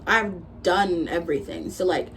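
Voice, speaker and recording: There's a creak to this woman's lowish voice, which moves at a moderate pace over a little hiss or hum. The twentysomething vlogger rants casually through a storytime, blunt and foul-mouthed, reconstructing arguments as quoted back-and-forth.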